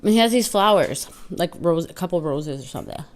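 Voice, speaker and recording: A woman's voice: fairly low pitch, lively intonation, brisk, slight background noise. Chatty woman rambling through a story. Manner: rambling, quotes herself and others with "I'm like" and "he's like"; chatty filler-heavy talk with restarts. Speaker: mukbang vlogger. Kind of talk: casual story time while eating.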